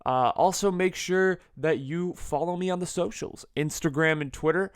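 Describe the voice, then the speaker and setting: Young male host, smooth resonant voice, dry close sound, casual outro. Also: a little high, normal speed, dry recording. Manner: casual, eager, direct to listeners. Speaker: podcast host. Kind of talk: solo outro to listeners.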